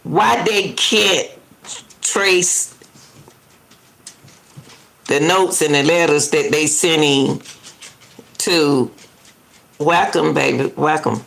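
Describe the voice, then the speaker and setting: With a low, creaky, slightly bright voice, a woman draws out her words and leaves long pauses. She reacts live to a news clip, indignantly arguing with it and repeating herself, while chatting casually and directly with her viewers.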